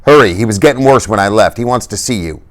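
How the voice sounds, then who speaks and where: A man's voice: on the low side, lively intonation, quick pace, pitched above the performer's own voice, lightly acted. A man voicing a reckless, tough teenage greaser boy who talks in urgent, commanding street slang.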